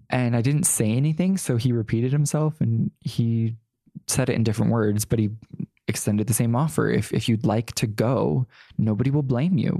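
Gravelly-voiced young man telling his story. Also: medium pitch, warm tone, no room sound, studio quality. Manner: chatty, many "like" fillers, sassy asides. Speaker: interview guest. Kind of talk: casual storytelling interview.

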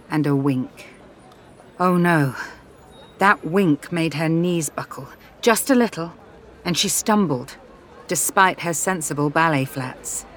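A woman narrating an audiobook in a steady, expressive reading voice. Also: deep voice, slight background noise.

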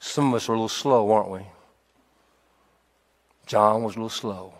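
A man preaching a sermon in an animated way, swinging from hushed tones to emphatic repetition. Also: fairly low pitch, normal speed. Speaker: pastor. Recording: long hall reverb.

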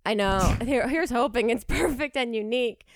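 A woman's voice: on the high side, normal speed, no echo, studio quality. A woman co-hosting a podcast, a chatty storyteller who laughs often in casual chat. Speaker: podcast co-host.

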